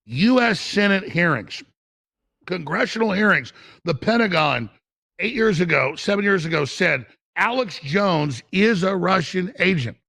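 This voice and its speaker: A middle-aged man speaks with heated conviction, his voice rough with fry and a sharp, bright edge. He keeps tripping over his words and restarting as he pushes his point, sitting a little above the usual male pitch and recorded close and dry. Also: expressive, measured pace, dry recording. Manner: fiery, stammering restarts. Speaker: guest. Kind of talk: impassioned political talk.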